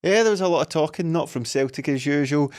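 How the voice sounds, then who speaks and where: A man with a Scottish accent co-hosting a football podcast, lively and plain-spoken. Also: a little high, fast talker. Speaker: podcast co-host. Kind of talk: casual podcast chat.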